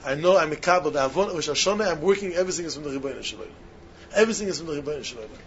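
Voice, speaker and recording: A man with giving a sermon-style talk to yeshiva students, emphatic and repetitive, swinging between loud stresses and hushed asides, on a muffled lo-fi recording. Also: fairly high pitch, animated, racing. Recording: muffled lo-fi recording with faint hiss.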